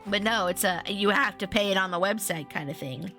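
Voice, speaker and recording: A woman streams a farming game live, chatting with viewers in a rambling way, often restarting sentences and reading chat out loud. Her mid-range voice is bright and forceful, and she talks a little fast. Faint game music plays underneath.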